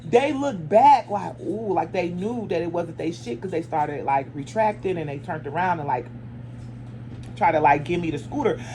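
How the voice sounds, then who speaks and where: Animated woman telling a profane story. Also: on the low side, moderate pace, slight background noise. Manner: animated, emphatic, profane, addresses viewers as y'all. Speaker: storytime vlogger. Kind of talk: casual storytelling to viewers.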